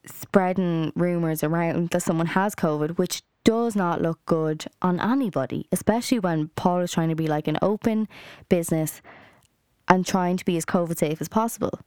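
A young woman with a lowish voice rants heatedly on her own podcast, swearing freely and padding her speech with fillers. The sound is dry and close, with no room around it. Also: moderate pace, a little mellow, smooth, no room sound. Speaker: podcast host. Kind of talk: solo rant podcast.

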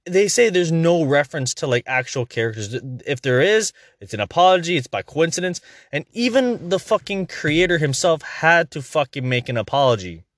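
Man ranting with lively, swooping pitch. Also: moderate pace, few pauses, no echo, clean studio sound. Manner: heated, profane, exasperated ranting. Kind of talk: casual ranting commentary.

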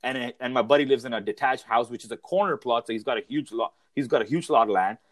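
A man's voice: mid-range voice, quick pace, no echo, poor audio. A man in casual chat, animatedly telling a story and acting out what others said, laughing along the way.

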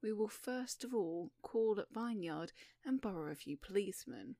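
A woman voicing a restrained young gentleman who speaks with dry, clipped sarcasm. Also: medium pitch, animated, moderate pace, dry recording, lightly acted. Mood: sarcastic.

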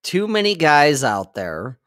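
A man's voice: a little high, sing-song, slow pace, a bit bright, dry recording, studio quality. A man in his forties chatting casually, blunt and profane, hammering his points home. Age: 40s. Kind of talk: casual chat.

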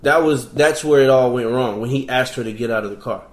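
A man's voice: mid-range voice, a little fast, echoey room. A man talking in a casual chat, blunt and opinionated, swearing freely.

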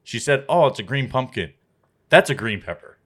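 A man's voice: medium pitch, lively intonation, normal speed, fairly bright tone. A man who is a regular on a podcast, speaking bluntly in casual chat and laughing easily.

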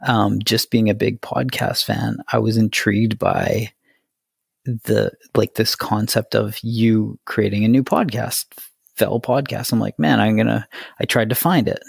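A man's voice: on the low side, steady tone, measured pace, creaky, breathy edge, dry recording, clean studio sound. A man hosting a podcast interview, chatting casually and enthusiastically with lots of fillers. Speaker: podcast host.

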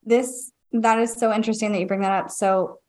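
A woman in her thirties hosting a podcast, telling personal stories with lively quoted dialogue. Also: fairly high pitch, brisk. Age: 30s. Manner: animated storyteller, acts out quotes. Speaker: podcast host. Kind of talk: casual podcast chat.

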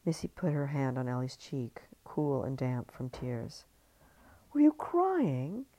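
A woman narrating a serialized story in a hushed, intimate reading. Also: a bass voice, fairly even intonation, measured pace, poor audio. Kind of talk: scripted audiobook narration.

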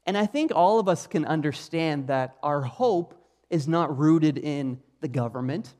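Slow, deliberate preacher repeating key lines. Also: medium pitch, a little mellow. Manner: repeats key phrases for emphasis; asks the listener direct questions. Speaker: pastor. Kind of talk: sermon.

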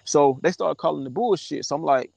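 Gravelly, higher-pitched man telling stories. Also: brisk, dry recording. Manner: profane, animated, acts out quoted dialogue. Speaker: podcast guest. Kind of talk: casual storytelling.

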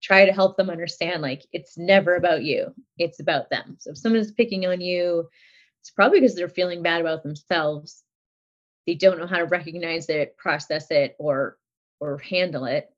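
A woman's voice: lowish voice, normal speed. A middle-aged woman in casual podcast chat, talking about her kids with many fillers and frequent laughs. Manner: chatty, laughs often, lots of fillers. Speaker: guest. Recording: dull lo-fi audio.

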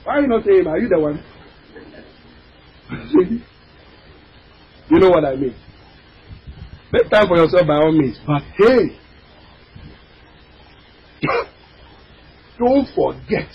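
A male pastor delivering an impassioned sermon, breaking into shouted, cracking cries and calling out to his congregation. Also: sits high, very animated, takes it slowly, creaky, long pauses, muffled recording, a little hiss or hum. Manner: addresses and prods the congregation directly.

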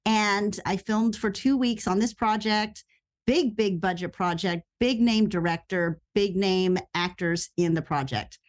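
A woman telling a story as a guest on an interview podcast, lively and quick, acting out the voices of people she quotes. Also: medium pitch. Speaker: actress and radio host guest.

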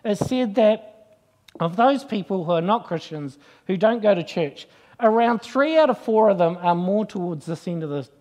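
A middle-aged man preaches in a loose, conversational way. His voice sits high for a man. He keeps slipping into anecdotes and acting out what people said. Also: expressive, moderate pace, a little mellow. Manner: chatty, anecdotal storyteller acting out quoted voices. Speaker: Christian speaker. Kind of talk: conversational sermon with personal stories.

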